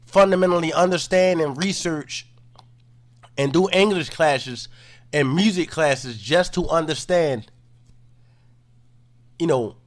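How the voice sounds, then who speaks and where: A man giving casual commentary, relaxed and low-key, full of "you know" fillers.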